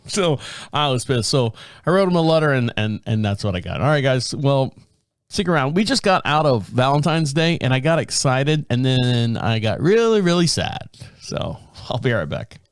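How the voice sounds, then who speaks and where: Middle-aged guy ranting on his podcast, mid pitch, swearing a lot, dead dry room. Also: sing-song, moderate pace, no room sound. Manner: rambling, exasperated storytelling with profanity. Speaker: podcast host. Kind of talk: casual solo rant. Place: home studio.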